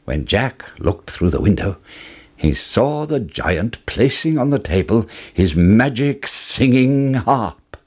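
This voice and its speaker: Slow, husky male storyteller. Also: mid-range voice. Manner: dramatic, expressive. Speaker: narrator. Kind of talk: storybook reading.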